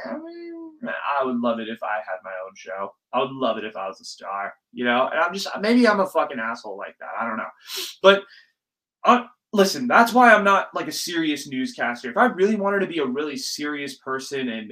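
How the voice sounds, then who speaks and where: A man's voice: mid-range voice, pushed and bright, poor audio. A young man hosting his podcast aftershow in a casual, rambling, profane rant, sniffly from allergies. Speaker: podcast host.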